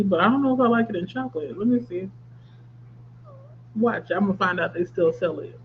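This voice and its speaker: A woman in her thirties hosts a casual craft livestream, chatting and laughing as she reacts to viewer comments. She speaks fairly quickly in a mid-range voice, on slightly dull stream audio with a faint hum.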